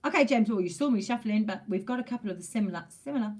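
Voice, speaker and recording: A woman reads tarot straight to camera in a casual, chatty way, her medium-pitched voice expressive and racing. She's emphatic, repeats phrases to drive points home and drops in the occasional mild swear word.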